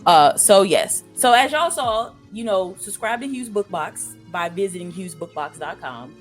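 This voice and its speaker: A woman's voice: medium pitch, measured pace, faint music behind. Chatty Southern woman with a Brooklyn tinge. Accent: Southern American with some Brooklyn. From Southern United States. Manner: chatty, joking, animated asides. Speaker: podcast host. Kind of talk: casual interview chat.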